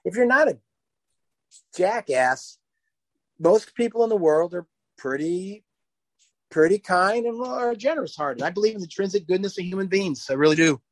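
Older male podcast guest, animated rambling storyteller, slightly high voice. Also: moderate pace, pauses often, no room sound. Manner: rambling, animated storyteller who laughs often. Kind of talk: casual interview chat.

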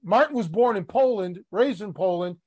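Brash podcast host from Chicago. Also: male voice, high-pitched, moderate pace, a little mellow, husky. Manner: brash, teasing, swears casually. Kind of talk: casual podcast chat.

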